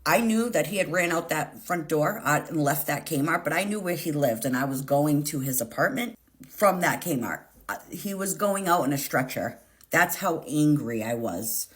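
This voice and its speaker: Woman, low voice, storytime vlog, intense, profane, dramatic retelling. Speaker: storyteller vlogger.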